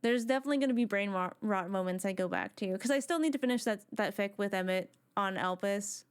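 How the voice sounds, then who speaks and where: A woman streamer chatting casually while she plays a video game, rambling with excitement and restarting her sentences often. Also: mid-range voice, fast, smooth. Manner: excited, rambling fan talk with many restarts.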